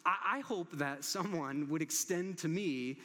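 A man preaching a conversational sermon as a pastor, telling stories with relaxed, gentle humor. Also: on the high side, unhurried. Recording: long hall reverb.

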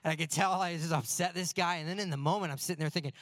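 A man on a church staff telling a humorous story in a sermon, animated and poking fun at himself. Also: fairly high pitch, very fast, no room sound. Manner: animated, self-deprecating anecdotes. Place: church sanctuary before a congregation.

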